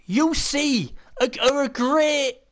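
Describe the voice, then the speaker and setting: A man giving casual, chatty live commentary on a video game match, bursting into shouts at big plays and swearing now and then. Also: very high voice, slow.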